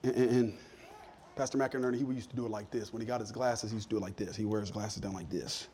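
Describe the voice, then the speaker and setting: A man preaching a sermon as a pastor, talking in a conversational way that sinks to soft asides and climbs to emphatic points. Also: on the low side, fairly even intonation, quick pace, slight background noise.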